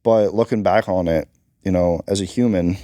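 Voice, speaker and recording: A man's voice: deep voice, moderate pace, mellow, no echo, clean studio sound. A man who is a Marine combat veteran, talking bluntly and emphatically as an interview guest. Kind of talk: candid interview talk.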